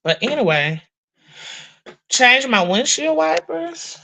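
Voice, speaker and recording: A woman's voice: high-pitched, sing-song, gravelly, pushed and bright, rough recording. A middle-aged woman hosting a livestream, chatting casually and profanely while doing chores, calling her viewers honey and girl. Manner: drawn-out emphatic storytelling. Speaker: livestream host.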